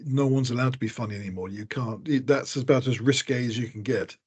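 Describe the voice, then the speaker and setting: A man's voice: medium pitch, a little fast, husky. A man co-hosting a casual podcast, trading dry, teasing banter. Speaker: podcast co-host. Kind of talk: casual chat.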